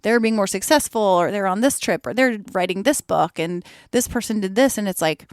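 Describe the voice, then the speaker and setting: A woman speaking candidly as a podcast guest, animated and acting out her own inner voices. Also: mid-range voice, a little fast, clear, resonant tone, dry recording, studio quality. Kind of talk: candid conversational interview.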